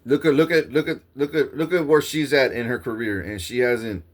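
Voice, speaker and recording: A man's voice: mid-range voice, steady tone, fairly quick. A man delivering an agitated, profane monologue to his viewers. He circles back over the same points and keeps saying "bro.". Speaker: vlogger. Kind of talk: rambling monologue to camera.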